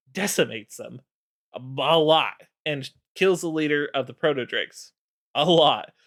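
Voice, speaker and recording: A man streaming, casually recapping game lore with lots of fillers. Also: fairly high pitch.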